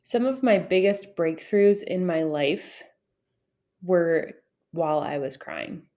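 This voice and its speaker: A woman's voice: fairly low pitch, animated, takes it slowly, mellow. A woman in her thirties co-hosting a podcast, talking earnestly and reflectively in casual chat with frequent fillers. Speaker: podcast co-host.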